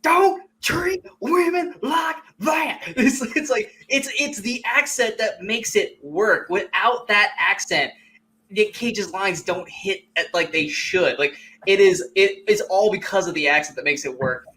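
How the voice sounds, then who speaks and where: Male co-host, upbeat and talkative, bright forceful voice, slightly higher pitch, casual movie chat. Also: unhurried. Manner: enthusiastic, laughs often, quotes lines in bursts. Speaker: podcast co-host.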